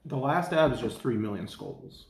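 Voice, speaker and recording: Man, casual podcast guest, relaxed, teasing, lively pitch, echoey. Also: a little fast, creaky, a little hiss or hum. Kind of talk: casual chat. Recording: echoey room.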